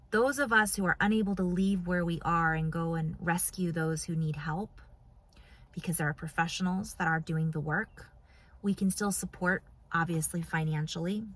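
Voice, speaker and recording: A woman giving a heartfelt spiritual talk to her viewers, earnest and soft-spoken, pausing often and at times moved to emotion. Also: on the low side. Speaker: spiritual channel vlogger.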